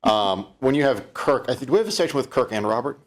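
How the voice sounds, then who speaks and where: A man's voice: medium pitch, animated, fast talker. A middle-aged man from Canada presenting a live-streamed keynote, chatty and loose, with frequent fillers and restarts. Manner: conversational, fillers, many restarts.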